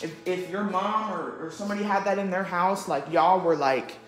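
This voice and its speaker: Indoors at home, a woman livestreams a casual vlog, chatting with live viewers, reading their comments aloud and talking to her cat. Her voice is fairly low and moderately paced, with soft music in the background.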